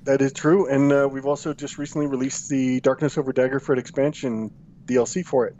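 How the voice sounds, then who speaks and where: A man's voice: medium pitch, steady tone, brisk, warm tone, lo-fi sound, a little hiss or hum. A man calling in to a podcast to chat about his game studio's releases, joking and laughing often. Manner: jokey, laughs often, puts on gruff ogre voice. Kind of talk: casual chat on a call-in podcast.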